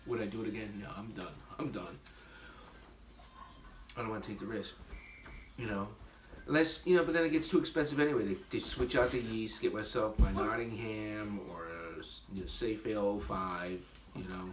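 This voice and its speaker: A man samples his homemade beer and rambles about it for a casual vlog, filling the talk with fillers and self-mocking asides. His voice is fairly low at a normal speed, captured far from the mic in a roomy, noisy recording with soft background music.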